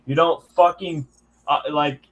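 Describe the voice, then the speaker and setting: A man's voice: a little high, steady tone, unhurried, highs cut off. A man co-hosting a podcast, speaking bluntly and indignantly, with heavy swearing. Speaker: podcast co-host. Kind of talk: heated casual chat.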